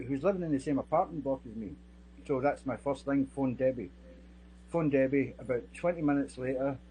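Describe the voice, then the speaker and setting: A middle-aged man, a security guard giving witness testimony in a voice of ordinary pitch. He tells his account haltingly, repeating words and restarting phrases. A faint hum sits under the recording. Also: a little mellow, poor audio. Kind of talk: sworn witness testimony, recounting events.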